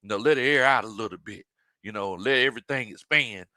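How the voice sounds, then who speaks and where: A man hosts a live football stream, rambling and repeating himself as he reads out viewer comments. His voice is bright and forward, a little stuffy from a sinus infection, and the sound is dry and close. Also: lowish voice, fast talker, no room sound. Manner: rambling, repeats words, reads chat aloud. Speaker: sports live stream host.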